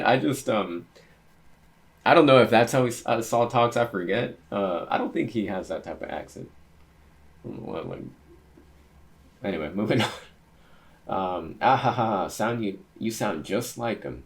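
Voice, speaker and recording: A young man reading a manga chapter aloud, thinking out loud and getting excited as he reacts to each panel. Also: fairly low pitch, unhurried, pauses often.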